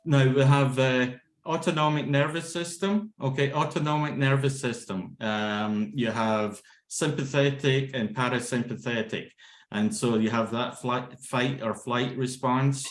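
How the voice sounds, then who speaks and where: Energetic man leading laughter yoga, roomy echo. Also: mid-range voice, measured pace. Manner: energetic, chants ho-ho-ha-ha-ha and laughs aloud; keeps checking in with "okay?" and "yeah?". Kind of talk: instructional talk with demonstrations. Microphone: video call. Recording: roomy echo on a video call.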